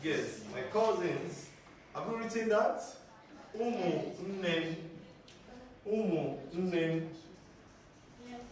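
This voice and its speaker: Male language teacher, unhurried and patient, drills vocabulary with the class; distant, roomy recording with faint noise behind. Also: sits high, sing-song. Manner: patient, drills words by repetition and questions. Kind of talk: children's language lesson. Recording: very echoey room, voice from far off.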